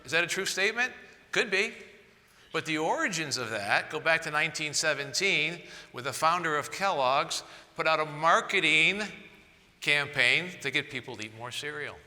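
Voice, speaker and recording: A man's voice: fairly high pitch, animated, normal speed, pushed and bright, in a large hall. A man giving a church teaching talk in a conversational style, often tossing rhetorical questions to his audience. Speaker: speaker at a church seminar.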